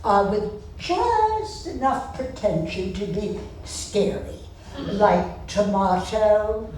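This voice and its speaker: A woman's voice: mid-range voice, wildly swooping pitch, slow, a little mellow, a little hiss or hum. A woman in her nineties from Boston, telling comic stories on stage in a wry, laughing manner. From Boston, USA. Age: 90s. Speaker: cabaret performer. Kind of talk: live comic storytelling. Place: theater stage. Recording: echoey theater, far from mic.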